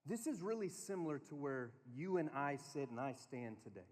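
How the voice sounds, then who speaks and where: A man preaching to a conference crowd, telling family stories in an animated way and giving the room instructions. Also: fairly high pitch, brisk. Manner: storytelling, animated, quotes his kids in a small voice. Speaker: speaker. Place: large hall. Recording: long hall reverb.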